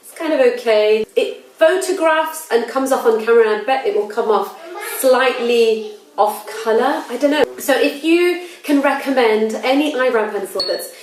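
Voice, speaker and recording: A woman's voice: fairly high pitch, normal speed, recorded from a distance. A woman talking through her everyday makeup routine in a casual, frank, self-deprecating voice-over. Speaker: beauty vlogger. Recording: very echoey room, mic set back.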